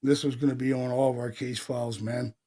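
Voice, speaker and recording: A man from Pennsylvania hosting a podcast, telling stories in a casual, animated way, acting out quotes and swearing freely. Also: medium pitch, fairly quick. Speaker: paranormal podcast host. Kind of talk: casual storytelling chat.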